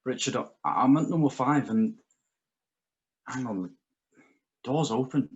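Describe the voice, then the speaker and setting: A man in his sixties with a British accent playing a skeptical neighbour who is checking on a strange man next door, speaking in a husky voice. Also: mid-range voice, measured pace, dull audio. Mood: uneasy. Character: skeptical male neighbour growing frightened.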